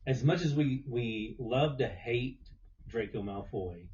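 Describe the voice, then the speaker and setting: A man's voice: medium pitch, lively intonation, takes it slowly, darkish tone, dull audio. A man in a casual chat, hesitantly sharing a fun fact.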